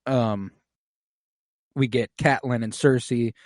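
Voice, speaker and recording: A man's voice: mid-range voice, fairly even intonation, takes it slowly, a little mellow, dry recording, studio quality. Laid-back slangy male podcast host. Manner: laid-back, slangy retelling with quoted lines. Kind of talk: casual chat, recapping a TV episode.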